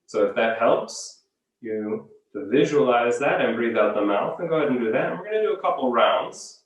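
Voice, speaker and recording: A man leading a guided breathing exercise as a yoga teacher, giving calm, unhurried step-by-step cues. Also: mid-range voice. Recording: very echoey room, voice from far off.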